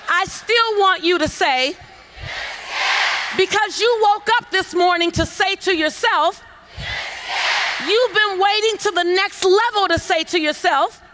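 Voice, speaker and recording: A woman giving a motivational keynote on a conference stage, coaxing the audience into call-and-response and building to shouts with repeated phrases. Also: extremely high pitch, slight background noise. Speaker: motivational speaker. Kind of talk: keynote speech to a conference crowd. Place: large conference hall on stage.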